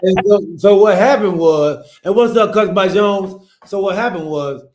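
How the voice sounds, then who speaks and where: Male co-host, relaxed chat, fairly high pitch, greets the audience mid-story. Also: unhurried. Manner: laid-back, chuckling, greets viewers mid-story. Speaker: podcast co-host.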